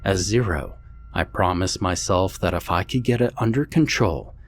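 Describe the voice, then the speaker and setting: A man with a very low voice narrates a ghost story in the first person. His reading is scripted, steady and measured, with careful pacing.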